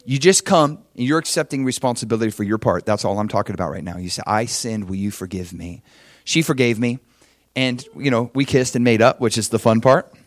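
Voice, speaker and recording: Animated male preacher, dry sound. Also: mid-range voice, fast talker, no room sound. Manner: animated preaching, swings from loud emphatic to soft and hushed. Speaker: pastor. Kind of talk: sermon.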